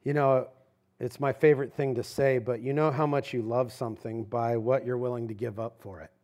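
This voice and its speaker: A man preaching a sermon as pastor, talking in a conversational, emphatic way that swings between loud and hushed. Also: mid-range voice, steady tone, a little fast. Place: church sanctuary.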